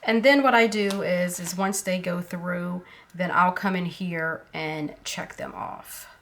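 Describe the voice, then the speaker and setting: A woman chats her way through a planner at a relaxed, slow pace. Her voice sits low with a gravelly edge, and she thinks aloud, pausing on fillers as she goes. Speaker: planner vlogger. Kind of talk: casual budget planner walkthrough.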